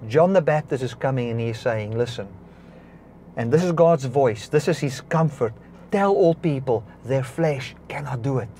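A man preaching a sermon, stopping now and then to correct himself and clear his throat. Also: mid-range voice, expressive, moderate pace, slight background noise. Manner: preaching with swings between soft and raised passages. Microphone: device recording a broadcast, battery powered.

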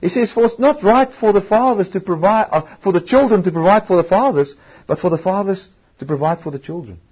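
Man, preacher, sermon, high husky voice, emphatic drawn-out stresses, frequent restarts, dull lo-fi sound.

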